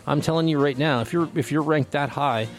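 A man from Canada hosting a radio show, talking in a loose, rambling way with plenty of ums and restarts. His voice sits a touch high for a man. Faint music plays softly beneath him. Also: fairly quick. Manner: chatty, rambling, full of fillers and restarts. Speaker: radio host. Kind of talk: casual radio chat.

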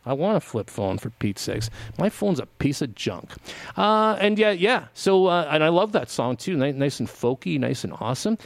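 This middle-aged community radio host has a fairly high, gravelly, sing-song voice and speaks at a moderate pace in a dry recording. He rambles casually through a story, acting out both sides of the conversation, with frequent "like" and restarts.

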